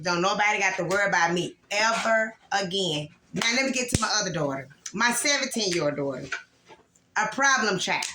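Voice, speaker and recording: A woman's voice: mid-range voice, fairly quick, sharp tone, slight background noise. Upset woman venting in echoey room. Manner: emotional, repetitive, upset and angry. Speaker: vlogger. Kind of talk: casual vlog venting to viewers.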